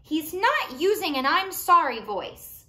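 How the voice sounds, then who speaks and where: Woman voicing tattletale little girl, bossy, indignant, very high, storybook reading. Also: very animated, slow pace, pushed and bright, full character voice. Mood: tattling.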